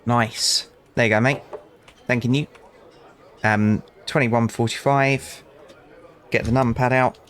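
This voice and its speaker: A man's voice: mid-range voice, fairly even intonation, takes it slowly, long pauses, fairly bright tone. A young British man casually commentating a game, chatting to customers and telling rambling anecdotes with dry asides. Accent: British English. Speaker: gaming channel host. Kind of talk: casual let's play commentary.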